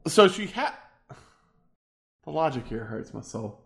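Guy, gravelly, cuts in with loud jokes, lively pitch, roomy sound. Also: measured pace. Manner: jokey, blurting interruptions. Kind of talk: casual group chat.

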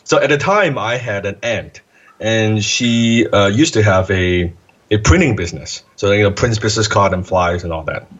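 Husky-voiced man telling a lively story. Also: on the low side, moderate pace, highs cut off. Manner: animated, acts out quoted voices, swears casually. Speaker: guest entrepreneur. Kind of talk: casual storytelling interview.

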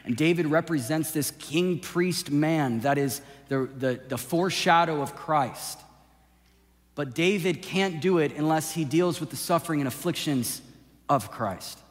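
A male pastor preaching a sermon, swinging from impassioned shouting down to a hushed, intimate delivery. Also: on the high side. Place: church sanctuary. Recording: long hall reverb with soft music behind.

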